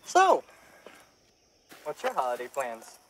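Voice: mid-range voice, wildly swooping pitch, slow, a bit bright, a little hiss or hum, full character voice. An actor playing Roo, a wisecracking undead cemetery night watchman, in a horror-comedy short film. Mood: wry.

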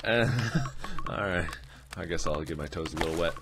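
A man giving horror gaming commentary, talking to the game and yelping and shouting whenever something jumps at him. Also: low-pitched, moderate pace, very noisy. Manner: jumpy, shouts and yelps at scares, talks to the game. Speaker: let's play gamer.

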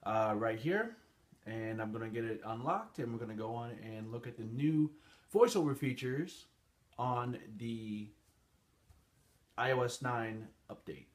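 A man's voice: mid-range voice, lively intonation, unhurried. A man hosting a casual tech review, chatty and rambling with fillers as he talks through phone settings. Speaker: channel host.

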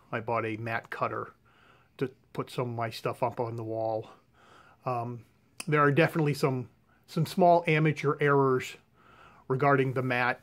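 Casting: everyday man, mid-pitched voice, unpolished home vlog delivery, hesitant and meandering. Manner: rambling, hesitant, lots of fillers and restarts. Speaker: comic art collector. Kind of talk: casual show-and-tell vlog. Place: his own room at home.

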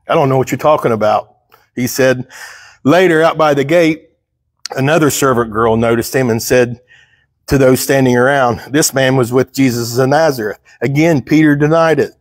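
A man's voice: mid-range voice, normal speed, no echo. Conversational male pastor, dry sound. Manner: conversational, reads scripture aloud and asks the congregation questions. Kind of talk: sermon, Bible teaching. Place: church.

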